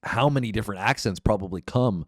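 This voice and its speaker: A man's voice: lowish voice, quick pace, no room sound, clean studio sound. A man in his thirties from Canada co-hosting a reaction video, talking casually with lots of fillers and restarts. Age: 30s. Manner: rambling, hesitant, lots of fillers. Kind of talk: casual chat.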